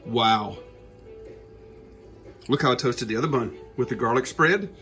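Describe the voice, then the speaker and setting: A man's voice: medium pitch, unhurried, pushed and bright, faint music behind, rough recording. A man with a Georgia accent hosting a casual cooking demonstration, joking and talking to viewers while he cooks. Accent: Southern US, Georgia. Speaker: home cook and channel host.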